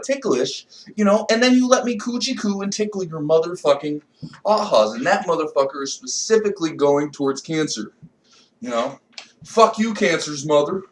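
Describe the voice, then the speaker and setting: Brief: young male comedian, high-pitched, profane rambling rant, recorded off-mic in an echoey room. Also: recorded from a distance. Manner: rambling, swings between low mutters and loud outbursts.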